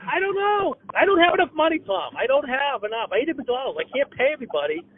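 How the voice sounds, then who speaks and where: A man's voice: very high-pitched, animated, fast, a little hiss or hum. An older man, a comedian ranting on a phone call, stammering and restarting as he talks. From Boston area. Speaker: comedian guest. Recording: tinny dry phone line.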